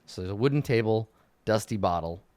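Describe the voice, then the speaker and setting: A man's voice: lowish voice, expressive, fairly quick, a little mellow, no room sound. A man narrating as game master, describing scenes loosely with lots of fillers.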